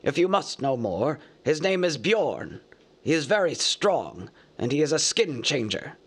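A man's voice: on the high side, big pitch swings, slightly rough, exaggerated voice. Gandalf, a man doing an old testy wizard. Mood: lecturing. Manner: measured, lecturing, easily cross.

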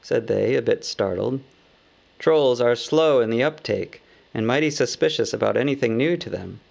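A man narrating a storybook aloud in a measured, wry manner. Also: medium pitch, vocal fry, darkish tone. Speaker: audiobook narrator.

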